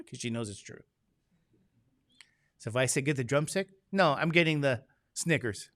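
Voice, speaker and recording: A man's voice: medium pitch, expressive, fairly quick, vocal fry, a bit bright, no room sound, clean studio sound. A man, a statistics instructor chatting casually and jokingly with his class before a lesson. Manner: chatty, joking storyteller, acts out quoted voices.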